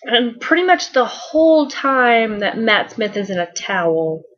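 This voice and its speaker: A woman's voice: a little high, sing-song, a little slow, fairly bright tone. Bubbly rambling woman, lo-fi recording. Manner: bubbly and rambling, with many fillers and giggles. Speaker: vlogger. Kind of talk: casual fan countdown chat.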